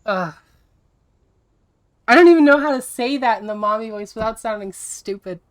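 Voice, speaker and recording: A woman streaming a video game, chatting casually with her viewers in an exasperated, teasing way and quick to laugh. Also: a little high.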